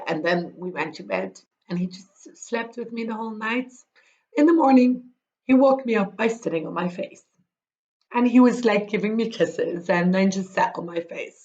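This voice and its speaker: A woman's voice: mid-range voice, lo-fi sound. A young woman, chatting casually on her knitting podcast, rambling with many ums and restarts. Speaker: podcast host.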